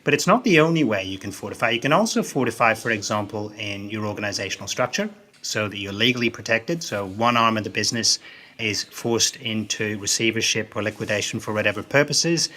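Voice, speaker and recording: A man's voice: on the low side, sharp tone. A man, a business consultant, giving emphatic interview answers that repeat key phrases.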